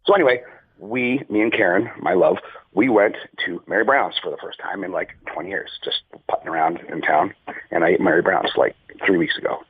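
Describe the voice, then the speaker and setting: Husky fast-talking man on a lo-fi line. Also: low voice. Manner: rambling, self-mocking storyteller. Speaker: podcast guest. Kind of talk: casual chat.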